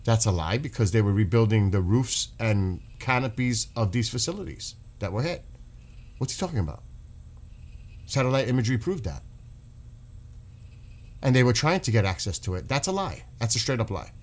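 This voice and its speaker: A man's voice: medium pitch, very animated, moderate pace, pauses often, a little mellow. Exasperated, sarcastic man ranting. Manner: exasperated, sarcastic, swears, reads posts aloud and mocks them. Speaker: streamer reacting to news. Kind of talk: ranting political commentary.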